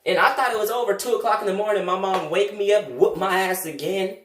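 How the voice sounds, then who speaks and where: A young man telling a comic story about his past, animated, jumping between loud outbursts and low mutters. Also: fairly quick, slight background noise. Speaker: vlogger. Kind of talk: comedic storytime monologue. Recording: roomy, distant from the mic.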